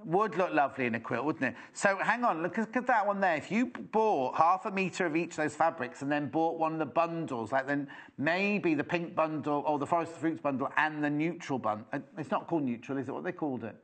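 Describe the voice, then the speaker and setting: A British presenter sells products on live shopping TV, his slightly high voice fairly bright and lively. He's chatty and keen, full of rambling asides, moving fairly quickly with few pauses.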